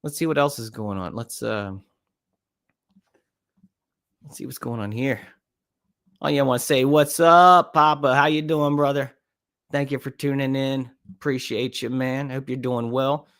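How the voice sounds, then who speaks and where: A man hosts a casual live podcast stream, reacting to clips at an ordinary, mid-range pitch. He talks in a laid-back, rambling way and thinks aloud as he goes. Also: fairly even intonation, normal speed, a bit bright. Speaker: livestream podcast host.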